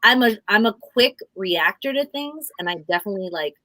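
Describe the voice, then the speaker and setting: A woman's voice: medium pitch, animated, brisk, fairly bright tone, dry recording, low-quality recording. A middle-aged woman co-hosts a casual live stream, speaking her mind frankly with plenty of swearing. Her voice sits in a middle range and comes across dry and close, with little room sound. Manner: frank and outspoken, swears freely. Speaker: co-host.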